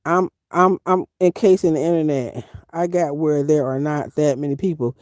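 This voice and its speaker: Speaking in a low voice at a moderate pace, this middle-aged van-dwelling travel vlogger chats casually while streaming from her van. Animated and talkative, she reads viewers' comments out loud in Southern Black vernacular grammar. The audio is clean, studio-like, with no room sound.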